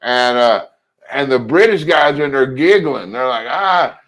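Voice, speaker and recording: A man co-hosting a casual political chat, telling long rambling stories with animated asides. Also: mid-range voice, normal speed. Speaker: co-host.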